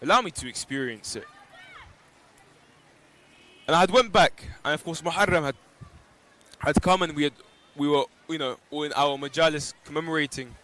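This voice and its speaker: A man's voice: fairly high pitch, normal speed, fairly bright tone. A man being interviewed outdoors on a pilgrimage walk, telling personal stories in a reflective way with plenty of fillers. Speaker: interview guest. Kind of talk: live outdoor broadcast interview.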